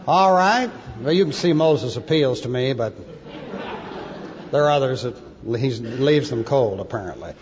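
Here a pastor with a medium-pitched, lively voice preaches at a measured pace, with slight background noise. Working expositorily through the Bible by studying Greek words, he talks with emphasis, spells those words letter by letter and slips in wry jokes. It's a lo-fi recording made in an echoey hall.

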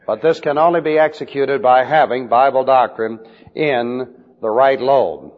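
A man preaching in a deliberate style, teaching Bible doctrine, and spelling out Greek words letter by letter. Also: mid-range voice. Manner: slow, deliberate emphasis on key phrases. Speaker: pastor. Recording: dull lo-fi recording with long hall reverb.

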